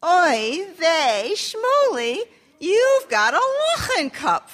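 Brief: woman playing a high, loud scolding mother, exasperated, in a spoken folktale. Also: huge pitch swings, normal speed. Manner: scolding, exclaiming. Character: exasperated doting mother of a poor boy.

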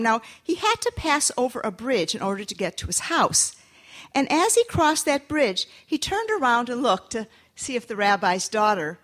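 A woman storyteller telling a folktale to an audience, lively and inviting them to join in. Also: fairly high pitch.

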